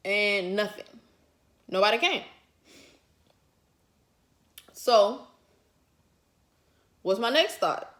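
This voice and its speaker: A woman's voice: medium pitch, lively intonation, slow pace, fairly bright tone. A woman vlogger telling a personal story to her viewers in casual, colloquial chat, chuckling often as she talks. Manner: talks straight to the audience.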